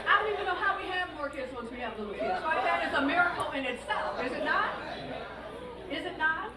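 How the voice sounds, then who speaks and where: A woman's voice: very high-pitched, lively intonation, fairly quick. A middle-aged woman doing stand-up comedy, sassy and chatty, teasing the audience about marriage and motherhood. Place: large hall with live audience. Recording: echoey hall from far off, crowd laughter and noise.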